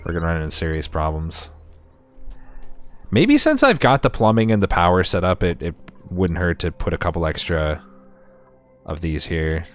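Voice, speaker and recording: A man's voice: low voice, big pitch swings, moderate pace, long pauses. A man streamer giving casual gameplay commentary, chatty and sarcastic with himself, swearing often.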